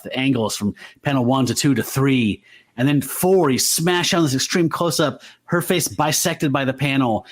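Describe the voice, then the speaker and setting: A man co-hosting a podcast, talking enthusiastically about comic art in a casual, rambling way with lots of fillers. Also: medium pitch. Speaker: podcast co-host. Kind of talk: casual comic-book discussion.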